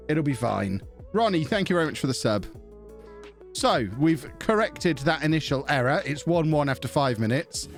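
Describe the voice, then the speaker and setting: A man casually commentating on his own football management game on a live stream, chatty and self-mocking as he thinks aloud and thanks subscribers. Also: mid-range voice.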